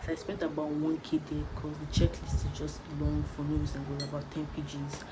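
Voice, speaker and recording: A young Nigerian woman vlogs to the camera in a chatty, rambling, laid-back way. Her voice is deep and a little fast, with a completely flat delivery, and there's noticeable background noise.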